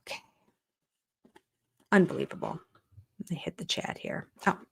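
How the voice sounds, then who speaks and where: An older woman hosting a casual livestream, chatting and reacting aloud as she reads viewer comments and a list of supporters' names. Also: unhurried. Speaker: channel host.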